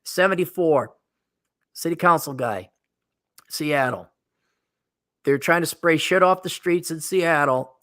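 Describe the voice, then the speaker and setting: A man's voice: fairly high pitch, slow pace, pauses often, a bit bright, no echo, studio quality. A middle-aged man giving a blunt, sarcastic opinion monologue as a commentator. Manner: sarcastic and blunt, mocks in put-on voices. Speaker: commentator reading and reacting.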